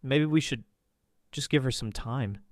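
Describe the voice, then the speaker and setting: A man's voice: medium pitch, a little slow, a little mellow, no room sound, studio quality, close to an everyday voice. A man voicing a weak husband who speaks in a small, brittle, hesitant way. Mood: pleading. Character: weak, wavering young husband.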